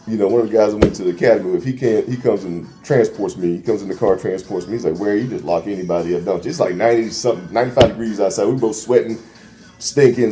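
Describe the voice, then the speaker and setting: A middle-aged man, a former police officer, telling stories in casual chat and acting out the voices in them. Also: on the low side. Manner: animated, acts out voices in his stories. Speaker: interview guest, former transit police officer. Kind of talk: casual storytelling.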